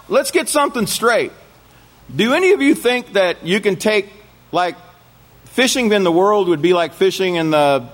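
A man giving a sermon to a congregation, reading scripture aloud and often checking in with his listeners through questions. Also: high voice. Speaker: congregation teacher.

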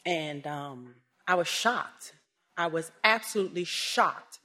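A woman giving a personal testimony, swinging between hushed and raised, emotional storytelling. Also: sits low, lively intonation, slow pace.

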